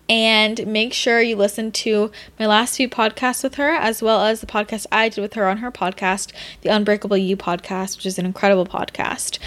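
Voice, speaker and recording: A woman's voice: medium pitch, fairly bright tone. A woman podcast host giving an enthusiastic, promotional introduction to a guest.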